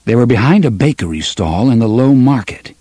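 A man narrating an audiobook with an expressive, varied delivery. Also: mid-range voice, a little fast, breathy edge, dry recording.

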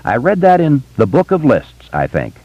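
A man's voice: medium pitch, wildly swooping pitch, moderate pace, a little mellow, no room sound, voice pushed up. A man voicing a shaken, nervous woman. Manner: hesitant, nervous. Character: shaken woman who has fled her husband. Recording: dull lo-fi audiobook recording.

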